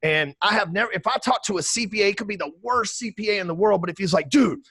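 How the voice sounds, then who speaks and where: A man, talking emphatically and with high energy as a podcast guest, swearing casually. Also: fast, sharp tone, breathy edge, dry recording. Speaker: podcast guest, sales trainer. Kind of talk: energetic interview talk.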